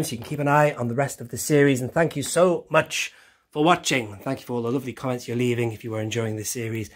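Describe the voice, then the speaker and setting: A man's voice: mid-range voice, slightly rough. A man chatting casually as a toy collector vlogger, enthusiastic and rambling, correcting himself as he walks through his display room at home. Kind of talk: casual walkthrough chat.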